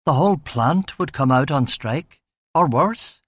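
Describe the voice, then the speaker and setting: A cautious, formal factory manager weighing every word, voiced by a man narrating an audiobook. He speaks in measured, precise sentences at an ordinary pitch. The sound is dry and close. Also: lively intonation, a bit bright, slightly rough, dry recording, heavily acted. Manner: measured, careful explanations.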